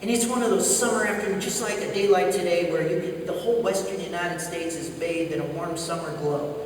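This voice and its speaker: A man's voice: sits high, fairly quick, a little hiss or hum. Man telling stories in an echoey hall. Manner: animated anecdotal delivery, acts out radio voices. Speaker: keynote speaker. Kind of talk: humorous storytelling speech. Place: large conference hall. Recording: echoey hall, speaker far from mic.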